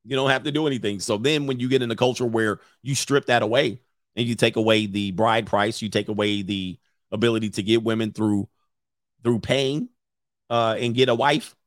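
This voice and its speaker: A man's voice: medium pitch, steady tone, normal speed, dry recording, clean studio sound. A middle-aged man hosting a casual stream, reading viewer comments and giving blunt, rambling opinions.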